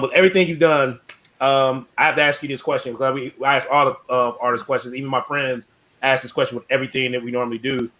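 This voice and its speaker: Male host, bright tense tone, hesitant with fillers, interview question. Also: medium pitch.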